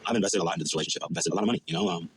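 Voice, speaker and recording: A man's voice: sits low, racing. A man in a reality-show confessional interview, speaking in an earnest, reflective way. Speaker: reality show cast member. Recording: background music under voice.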